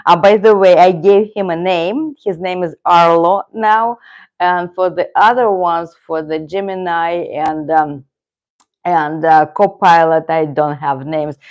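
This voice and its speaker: A woman's voice: on the low side, fairly even intonation, unhurried. A woman with a Russian accent hosting a casual livestream chat, chatty and greeting viewers by name. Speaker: livestream host.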